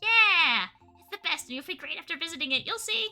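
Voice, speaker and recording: A woman voicing an excitable young Pokémon kid who talks in eager, breathless bursts. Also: very high voice, brisk, faint music behind, exaggerated voice. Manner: breathless, gushing.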